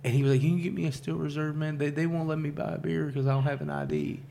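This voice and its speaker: A man's voice: a little high, steady tone, fast talker, vocal fry, warm tone, a little hiss or hum. A man casually telling stories on a podcast, loose and profane, laughing often and saying "like" and "dude" a lot. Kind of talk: casual storytelling chat.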